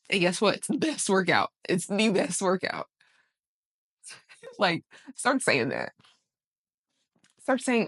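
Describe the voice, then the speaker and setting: A woman in her twenties giving casual motivational talk to camera, emphatic and animated, swearing casually and laughing often. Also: medium pitch, slow, long pauses. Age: 20s. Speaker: vlogger.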